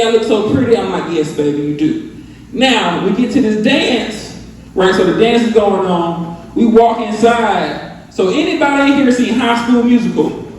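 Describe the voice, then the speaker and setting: A young man with a Southern US accent doing a loose, animated stand-up set, asking the crowd questions as he tells stories. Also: high voice. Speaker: stand-up comedian. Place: live comedy venue with audience. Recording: echoey, distant room mic.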